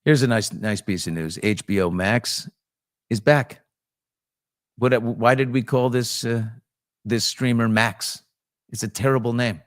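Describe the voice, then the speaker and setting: A man's voice: mid-range voice, unhurried, long pauses, no room sound, clean studio sound. A man hosting a casual chat show, reading viewer comments off the cuff with frequent ums and restarts. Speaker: host.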